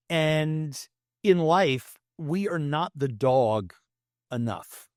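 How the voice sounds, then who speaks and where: A man's voice: on the high side, lively intonation, drawn-out words, no echo, clean studio sound. An older man in his sixties, a guest in an interview, telling stories animatedly and acting out the quoted dialogue. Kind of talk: conversational interview talk.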